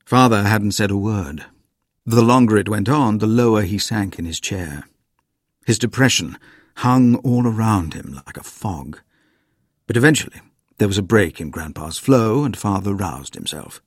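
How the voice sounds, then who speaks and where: Man reading a spooky story, low gravelly voice, husky, dry close sound. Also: animated, measured pace, dry recording. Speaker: narrator. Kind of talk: scripted storybook narration.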